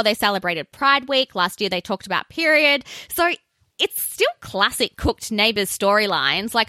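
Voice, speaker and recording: A woman's voice: medium pitch, pushed and bright, no room sound, studio quality. A young Australian woman hosting a podcast, chatting casually with sweary, sarcastic asides. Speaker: podcast host. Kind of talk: casual ranting podcast monologue.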